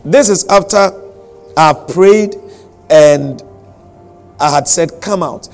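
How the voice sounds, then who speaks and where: A man's voice: a little high, slow pace, a little mellow, soft background music. A man, preaching a sermon as a pastor, emphatic and repeating key lines for weight.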